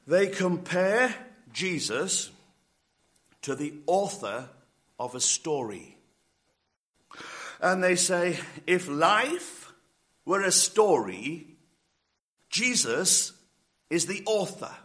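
A man preaching a sermon in a bright, clear voice. He speaks slowly and with emphasis, his pitch climbing on key words. Now and then he stops to cough. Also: big pitch swings. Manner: emphatic, slow and deliberate, rising on key words. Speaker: pastor.

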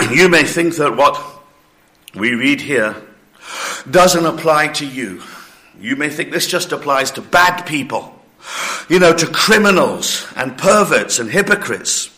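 Male preacher, breathless and coughing, slow emphatic sermon, fairly high bright voice. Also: lively intonation. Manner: slow, emphatic preaching with acted-out listener objections.

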